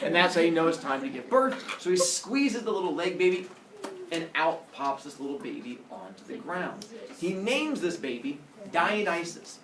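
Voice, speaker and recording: A man's voice: fairly high pitch, sing-song, moderate pace, crowd noise. A male teacher retelling a myth to his class in a playful, jokey way. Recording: echoey classroom from far off.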